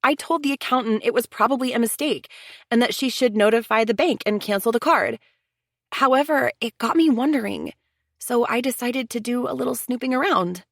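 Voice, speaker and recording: A woman's voice: fairly high pitch, fairly quick, vocal fry, a bit bright, no echo, studio quality, pitched above the performer's own voice. A woman reading an audiobook and voicing an anxious young female assistant who sounds pleading and apologetic. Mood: explaining. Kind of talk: audiobook character voice.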